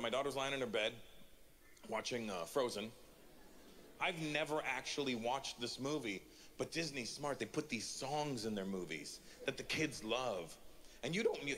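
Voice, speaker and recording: A man in his forties from Canada works through a stand-up routine, acting out every quote as he tells the story. His voice is bright and forceful, and his pitch leaps around constantly. Faint noise sits behind him. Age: 40s. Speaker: stand-up comedian.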